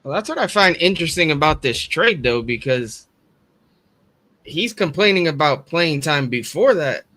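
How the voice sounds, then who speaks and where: A man co-hosts a sports podcast and weighs lineup options aloud in a measured way. His voice is high and bright, with some edge to it. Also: lively intonation. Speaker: podcast co-host. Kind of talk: analytical sports chat.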